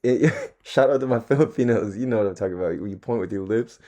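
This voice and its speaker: A man's voice: on the low side, fast talker, dark tone. Laid-back, profane male podcast host. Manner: laid-back, slangy and profane, laughs often. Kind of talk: casual solo podcast chat.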